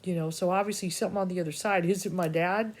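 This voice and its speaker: Woman, psychic reader, rambling monologue, lots of restarts, casual swearing, lowish voice. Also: steady tone, fast talker. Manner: scattered, full of restarts and asides. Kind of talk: rambling personal monologue to viewers.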